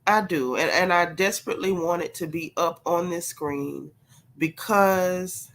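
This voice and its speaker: Stuffy-nosed lady doing a gossip livestream, bright edge on her voice, keeps repeating herself for emphasis. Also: fairly low pitch, measured pace. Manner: talks straight to her chat audience. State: congested, sick voice. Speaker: gossip channel host. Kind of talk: livestream commentary.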